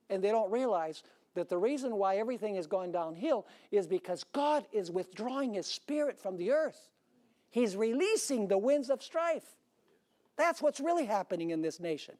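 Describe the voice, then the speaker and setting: A pastor preaches a sermon with conviction, pressing his points hard and repeatedly putting rhetorical questions to the congregation. His delivery is steady and emphatic, with an extremely high pitch and a moderate pace.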